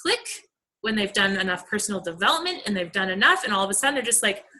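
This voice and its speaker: A woman's voice: mid-range voice, very animated, quick pace, sharp tone, poor audio. A young adult woman leading a motivational team call, earnest and chatty with many fillers.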